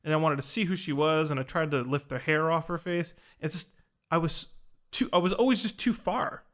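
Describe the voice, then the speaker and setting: Rambling young man, fairly high voice. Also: fairly quick, a bit bright. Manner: earnest, rambling with many "like" fillers and restarts. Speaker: podcast host recounting a ceremony. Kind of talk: casual conversational storytelling.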